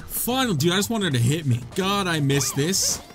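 A young man giving comedic, excitable commentary while playing a video game, laughing often, with game music behind him. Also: high-pitched, normal speed. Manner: joking, excitable, frequent laughter. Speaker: gaming YouTuber. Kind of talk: comedic let's-play commentary.

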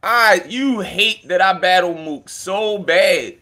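A man talking casually as a battle rapper, taunting and swearing at a rival in an animated, mocking way. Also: sits high, slow pace. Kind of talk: casual trash talk. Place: indoors with friends.

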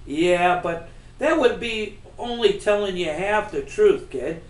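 A man's voice: high voice, animated, takes it slowly, reverberant. Man doing a blunt, folksy ballplayer ghost. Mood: teasing. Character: ghost of a gruff old baseball star on the phone.

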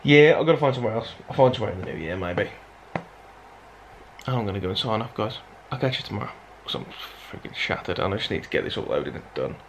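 A man's voice: lowish voice, animated, fast, slight background noise. Chatty Black Country vlogger man. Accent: Black Country (Dudley). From Black Country, England. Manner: rambling, chatty, self-deprecating. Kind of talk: casual vlog chat to camera.

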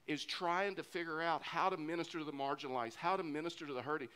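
A man's voice: on the high side, fairly even intonation, quick pace, sharp tone, smooth. A middle-aged man preaching a sermon as pastor, earnest and often repeating phrases for emphasis. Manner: earnest, repeats phrases when stressing a point.

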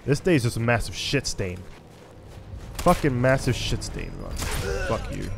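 A man's voice: medium pitch, animated, normal speed, vocal fry, noisy background. Swearing, frustrated gaming commentator man. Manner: frustrated, swearing, raging at the game; rambling, chatty asides. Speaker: gaming YouTuber. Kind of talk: let's play commentary.

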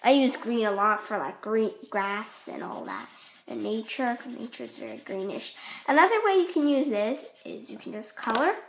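A woman's voice: a little high, big pitch swings, moderate pace, a little hiss or hum. A woman hosting a casual craft tutorial, chatty and rambling, often apologizing as she explains. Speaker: art tutorial host.

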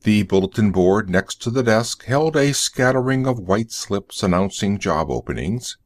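A man reading a story aloud for English learners, in a measured storytelling manner. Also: lowish voice, expressive, no room sound. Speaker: narrator.

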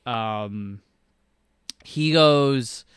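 A man's voice: mid-range voice, very slow, clear, resonant tone, no echo, clean studio sound. A man co-hosting a podcast, casually and animatedly retelling movie scenes and acting them out. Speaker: podcast co-host, film superfan. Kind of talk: casual film chat.

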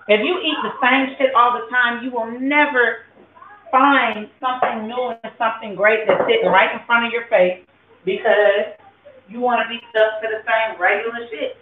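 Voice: mid-range voice, slight background noise. Cook cussin and chattin thru a recipe, tinny phone-ish sound, echoey kitchen. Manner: loose, profane, chatty, talks to viewers. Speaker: home cook host. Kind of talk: casual cooking vlog.

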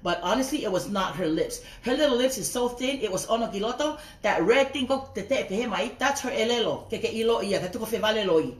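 A woman's voice: fairly high pitch, lively intonation, quick pace, few pauses. A woman ranting on a casual livestream, swearing heatedly and breaking off to greet viewers by name. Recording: roomy echo.

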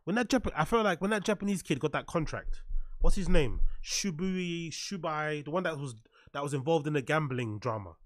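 Guy roasting podcast clips, kinda high voice, swings up and down a lot, swears, dry close mic. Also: lively intonation, moderate pace, no echo. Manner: sarcastic, swears a lot, reads chat aloud. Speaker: commentary streamer. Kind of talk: mocking reaction commentary.

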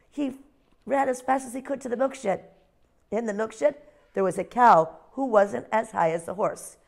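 A woman teacher leading a phonics lesson with young children and reading them a story in a slow, sing-song way. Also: mid-range voice, gravelly, a little mellow. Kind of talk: phonics lesson and read-aloud.

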